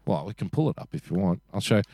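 A man's voice: low-pitched, expressive, fast talker, dark tone, no echo, clean studio sound. A young man co-hosting a casual podcast, rambling and self-deprecating, swearing freely. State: frequently sick. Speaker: podcast co-host.

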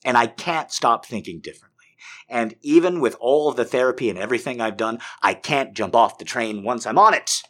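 A man giving an intense confessional monologue, swinging between hushed and loud. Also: mid-range voice, fairly quick.

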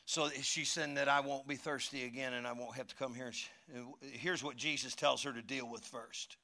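A man's voice: mid-range voice, steady tone, normal speed, sharp tone. A pastor preaching a sermon in a church, folksy and emphatic, building in fervor as he teaches. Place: church sanctuary.

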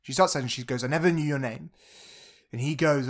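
A man co-hosting a casual podcast, retelling a film's scenes and quoting the characters in a quieter voice. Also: medium pitch, brisk. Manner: retells scenes, acting out quotes in a softened voice. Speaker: podcast co-host. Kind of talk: casual film recap chat.

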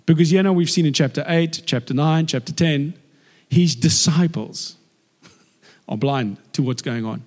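Male preacher, animated and chatty, slightly high voice, reverberant church hall. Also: unhurried. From South Africa. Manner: lively, acts out the people in the story. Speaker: guest preacher. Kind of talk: conversational sermon.

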